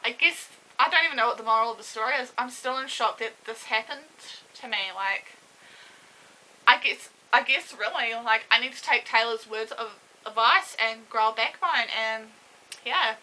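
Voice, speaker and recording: This young vlogger sits and tells her camera a personal story, her fairly high voice sharp and bright. Emotional and halting, she stops and starts while holding back tears in this casual story-time video. The recording from her camera mic is rough.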